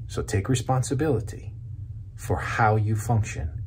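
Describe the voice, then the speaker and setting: Deep-voiced man giving a devotional talk. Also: animated, a little mellow, a little hiss or hum. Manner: earnest, stresses single words with long pauses. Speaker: pastor. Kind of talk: short devotional sermon to camera. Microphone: camera video.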